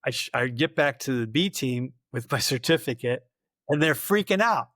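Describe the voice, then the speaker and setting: A man's voice: on the high side, fairly quick, a bit bright, no echo, clean studio sound. A middle-aged man, a podcast guest, telling rambling anecdotes in a casual interview, acting out the dialogue and laughing often.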